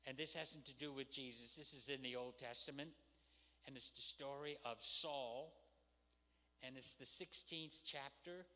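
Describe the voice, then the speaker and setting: A man's voice: medium pitch, measured pace, bright, forceful tone. Older man teaching in a hall. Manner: chatty, laughs often, asks "hmm?" to the room. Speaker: teacher of Aramaic scripture. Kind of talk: casual lecture to a live group. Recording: long reverb in a hall.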